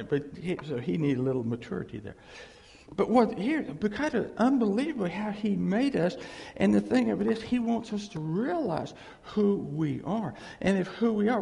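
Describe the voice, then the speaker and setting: Pastor guy preaching, pitch jumping all over, gravelly edge, big reverby hall. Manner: animated preaching, acting out little voices and chuckling. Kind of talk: sermon.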